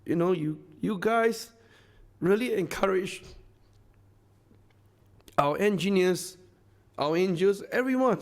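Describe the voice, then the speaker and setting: Addressing a masterclass crowd from the stage, this Singaporean-accented company founder rouses them with a gushing, repetitive speech. He speaks slowly in a high voice with lively intonation, leaving long pauses.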